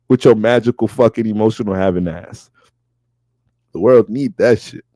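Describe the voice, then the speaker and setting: Man, astrologer, casual reading, low mellow voice, profane, loose, dry close sound. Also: normal speed, dry recording.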